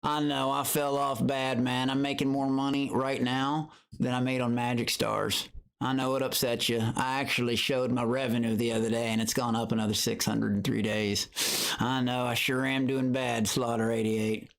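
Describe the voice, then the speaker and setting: A man's voice: mid-range voice, level tone, normal speed, vocal fry. A man chatting casually on his livestream, boasting and taunting his critics while greeting viewers in chat.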